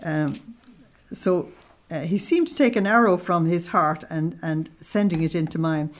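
Animated woman, middle-aged, lowish pitch, informal talk to a group, reads quotes with feeling. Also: a little slow. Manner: lively, laughs often, reads quotes aloud with feeling. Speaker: speaker on Christian mysticism.

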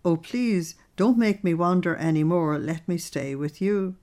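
A poor little boy of five or six pleads softly for a place to stay, as a woman reads him aloud. The voice stays low and calm, hardly changed from a plain reading voice. The reading is unhurried and gentle. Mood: pleading.

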